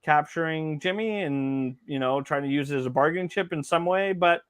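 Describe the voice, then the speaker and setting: A man with a somewhat high voice chats casually as a podcast co-host. He rambles, trips over his words and restarts often. The sound is dry and close with no room echo. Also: fairly quick, a bit bright, smooth. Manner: rambling, many restarts and fillers. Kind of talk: casual chat.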